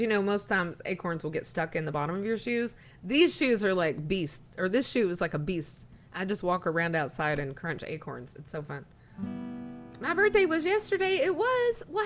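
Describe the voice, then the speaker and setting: A woman streaming live, talking to her chat in a loose, rambling way at an ordinary middle pitch. She reads viewer messages aloud and answers them in an easygoing, chatty manner.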